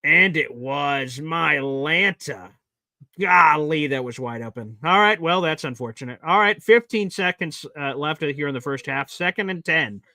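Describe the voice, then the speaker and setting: A man's voice: a little high, a little slow, bright, forceful tone, no echo. A man hosting a live watch party stream, calling play-by-play and getting exasperated at bad plays.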